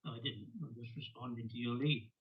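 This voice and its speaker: A man's voice: mid-range voice, steady tone, fairly quick. Stubborn English man on a muffled call. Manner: stubborn, argumentative. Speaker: caller. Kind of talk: casual live-stream debate. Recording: dull, muffled call audio.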